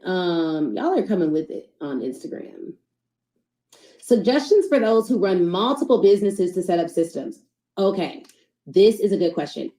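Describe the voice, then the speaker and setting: A woman in her thirties who hosts a podcast, giving casual, animated sales coaching to her live audience. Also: lowish voice, roomy sound, rough recording. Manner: animated, conversational, addresses audience as y'all.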